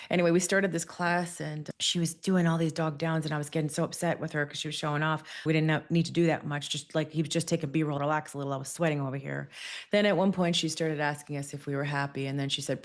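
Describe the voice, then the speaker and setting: A woman in her forties speaks in a notably low voice as a podcast guest. She tells a candid personal story, acting out quotes as she goes. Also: fairly even intonation, fast.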